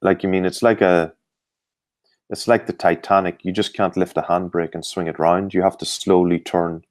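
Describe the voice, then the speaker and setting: A middle-aged Irish man, a performance coach, answering interview questions in a measured, explanatory way with frequent fillers. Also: low voice, little pitch movement, a little mellow, no room sound.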